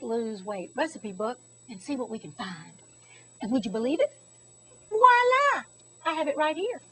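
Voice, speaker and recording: A woman's voice: sits high, low-quality recording. A middle-aged woman hosting a home cooking demonstration, chatty and bubbly with theatrical exclamations. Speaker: cooking show host.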